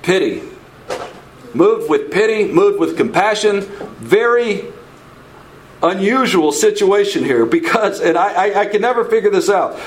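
A man with a notably high voice leads a conversational Bible study. He talks loosely, restarts his phrases and keeps checking in with his listeners by asking "okay?" and posing questions to the group. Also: expressive, measured pace, a little hiss or hum, low-quality recording. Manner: informal, repeats words, checks in with "okay?"; asks the audience questions. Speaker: Bible teacher.

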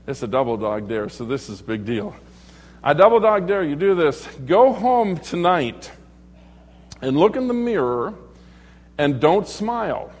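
A middle-aged man with a high-pitched voice preaches an evening lesson in a church. He is jovial and teasing and chuckles as he talks. His voice rings out with a long, reverberant hall echo. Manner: jovial and joking, chuckles often, teases the congregation. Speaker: pastor.

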